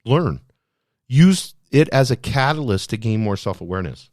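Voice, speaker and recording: A man hosting a podcast, speaking in an energetic, emphatic motivational style full of rhetorical questions. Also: mid-range voice, moderate pace, no echo, clean studio sound. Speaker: podcast host. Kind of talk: motivational solo talk.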